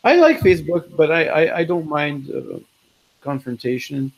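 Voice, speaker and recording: Man, born in Belgium and raised in Canada, gravelly and husky voice, casual tired chat, video call. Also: a little high, moderate pace, poor audio. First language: French. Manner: chatty, tired and relaxed. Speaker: guest artist.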